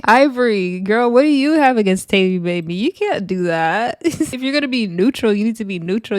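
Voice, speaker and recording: A woman giving a casual, blunt recap of a reality show, animated and profane, laughing often. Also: medium pitch, no room sound, studio quality.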